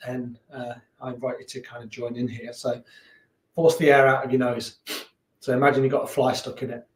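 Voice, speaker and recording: A man teaching a beginner yoga class in a relaxed, chatty, encouraging way that sometimes laughs at himself. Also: medium pitch, fairly quick. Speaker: yoga instructor. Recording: echoey room, voice from a distance.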